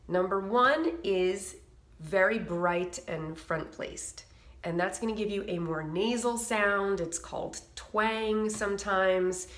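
Speaking to the camera, a female vocal coach walks through singing technique, now and then breaking into short nasal and sung examples. Her voice is fairly low and the sound is reverberant.

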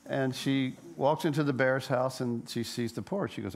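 A man preaching a sermon as a pastor, telling a story with lively energy and frequent stammered restarts. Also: medium pitch, moderate pace, creaky, few pauses.

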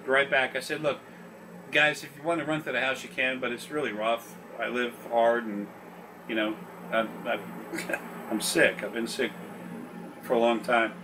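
A man with a medium-pitched voice tells rambling, profane anecdotes during a recorded consultation, keeping a level tone and moderate pace. He laughs often and acts out the people he quotes in this casual storytelling. The distant mic picks up faint background noise.

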